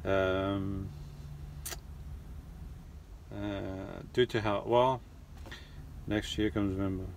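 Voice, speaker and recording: Middle-aged male host, halting and rambling chat style, low-pitched, slight background ambience. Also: steady tone, gravelly, a little hiss or hum. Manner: rambling, halting, many restarts and fillers. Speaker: live stream host reading chat. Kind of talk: casual live chat. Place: lives in New York.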